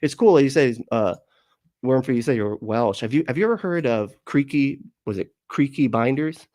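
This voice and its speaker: A man's voice: medium pitch, normal speed, a little mellow, no echo, clean studio sound. A man hosting a livestream and reading out his chat, rambling and laughing often as he swears casually.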